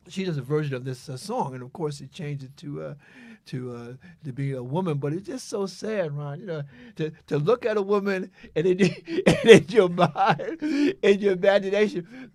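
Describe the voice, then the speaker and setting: An older man on a radio chat show, reflecting on his past with real feeling, stumbling and repeating himself as he goes. His voice sits a little high for a man, and the sound is close and dry with no room around it. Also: animated, moderate pace, darkish tone, no echo. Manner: emotional, reflective, stammers and repeats words.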